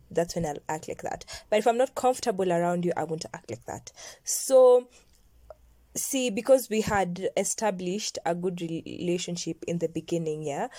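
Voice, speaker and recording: A young woman tells a story to camera in a loose, rambling way. Her voice is warm and mellow, and at times she drops to a hushed near-whisper. The sound is dry and close, with no room echo. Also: fairly low pitch. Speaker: vlogger.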